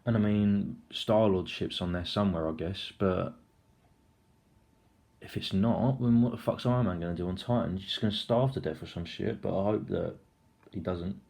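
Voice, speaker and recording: A man's voice: low-pitched, normal speed, vocal fry, a little mellow. A young man casually recapping a film, rambling, swearing freely and acting out the scenes. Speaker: film reviewer.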